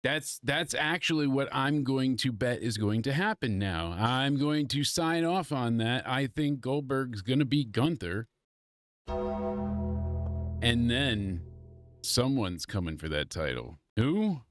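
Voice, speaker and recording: A man's voice: mid-range voice, lively intonation, takes it slowly, no room sound, studio quality, faint music behind. A congested man hosting a live stream, talking loosely and profanely in casual chat. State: congested from allergies. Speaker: wrestling review livestream host.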